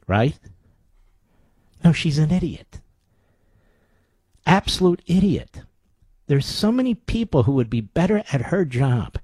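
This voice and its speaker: A man's voice: a little high, very animated, takes it slowly, long pauses, darkish tone, breathy edge, no echo, clean studio sound. A man hosting a talk radio show, ranting sarcastically through rhetorical questions in an indignant monologue.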